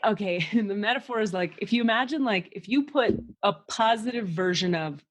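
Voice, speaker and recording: A woman with a mid-range voice hosts a casual spiritual podcast as a psychic channeler, describing and channeling energies. She's animated, swears freely, and acts out voices and sounds.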